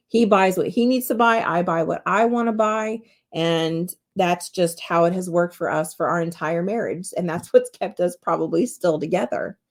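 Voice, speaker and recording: A woman hosts her own podcast, speaking from her home office in a low, gravelly voice with plenty of vocal fry. She tells a personal story in an earnest, candid, heartfelt manner. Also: moderate pace, few pauses. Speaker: podcast host and medium.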